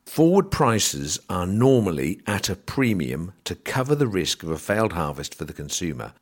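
Male podcast host, very low voice, dry sardonic explainer. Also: big pitch swings, moderate pace, breathy edge. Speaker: podcast host on grain marketing.

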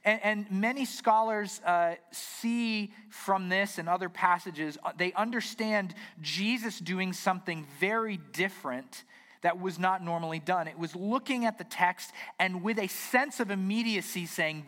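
A man's voice: high-pitched, a little slow, a bit bright. A man preaching a sermon as pastor, earnest and often repeating words as he restarts. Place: church sanctuary. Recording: reverberant church hall.

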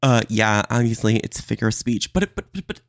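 A man hosting his own podcast, ranting in a casual, animated way and calling listeners "dude" and "man". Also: medium pitch, quick pace, no echo, studio quality. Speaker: podcast host. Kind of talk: solo casual podcast rant.

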